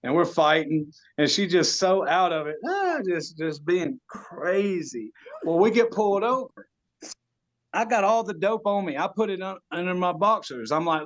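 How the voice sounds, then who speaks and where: A man with a drawl tells a story as a podcast guest. His voice sits a bit high, and he drops into slang and chuckles often. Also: normal speed, muffled recording. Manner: animated, laughing storyteller with Southern US slang. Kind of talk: casual storytelling.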